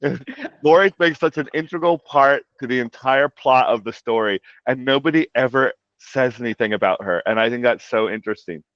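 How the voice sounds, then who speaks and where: A man speaking at a medium pitch and a fairly quick pace, with a fairly bright tone, rambles casually about translating a comic, peppering his speech with "like" and "you know." This interview audio has no echo and sounds dull, lo-fi, and dry.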